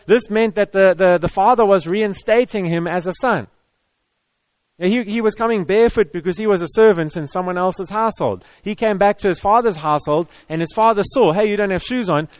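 A man with a high voice preaches a sermon in a loose, chatty way. He repeats himself and stumbles over restarts. The sound is close and dry. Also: moderate pace, no echo. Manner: conversational, repetitive, with stammered restarts. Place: church hall with audience.

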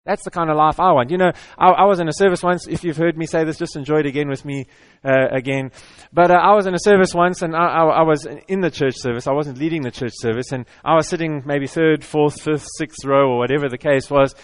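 Earnest pastor, higher voice. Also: male voice, fast talker. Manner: earnest, repeats and restarts words often. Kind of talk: conversational sermon.

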